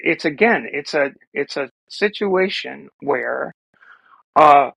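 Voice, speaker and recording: A man with a gravelly, fry-laden voice that sits a little high, recorded close and dry. He argues his side in a heated online talk, stopping and restarting often. He sounds defensive as he pushes back. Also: a bit bright, no room sound, poor audio. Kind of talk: heated discussion.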